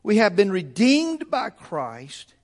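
A high-pitched man preaches in a church. He hammers his points home through repetition, and his voice rises and swells as the sermon builds. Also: wildly swooping pitch, takes it slowly. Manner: fervent, repetitive preaching with rising emphasis. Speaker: pastor. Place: church sanctuary.

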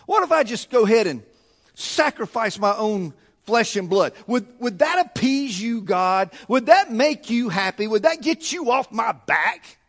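A preacher acting out a sarcastic, sulky sinner. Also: male voice, high-pitched, sing-song, fairly bright tone. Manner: mocking, exasperated rapid questions. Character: sarcastic, defensive sinner sounding like a sulky teenager. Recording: long church reverb.

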